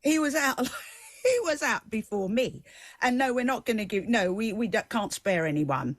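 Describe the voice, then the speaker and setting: Animated, emphatic woman TV host. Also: fairly high pitch, normal speed, no echo. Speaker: TV talk show host. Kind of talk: live TV debate and personal story.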